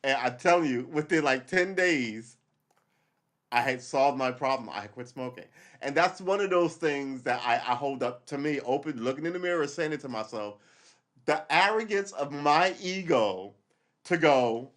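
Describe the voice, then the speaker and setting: A man's voice: mid-range voice, lively intonation, moderate pace, fairly bright tone. A man in his forties telling a rambling story on his livestream, swearing and losing his train of thought. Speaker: livestream host. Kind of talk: casual storytelling monologue.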